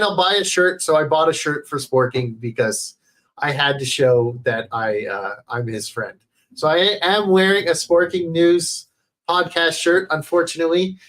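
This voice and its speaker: A man chatting casually on a livestream into a headset mic, rambling, swearing often and filling pauses with "uh". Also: on the high side, a bit bright. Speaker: streamer.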